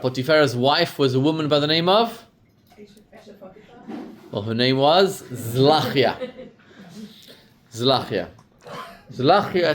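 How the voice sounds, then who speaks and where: A man, a rabbi giving a storytelling sermon who acts out the quotes with lively rises in pitch and volume. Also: a little hiss or hum.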